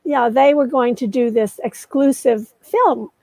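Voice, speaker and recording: High-voiced older woman telling a story. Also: unhurried, gravelly, a little mellow, no room sound, low-quality recording. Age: 70s. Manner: detailed storyteller, many "uh" fillers. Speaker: guest author. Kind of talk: storytelling in a conversation.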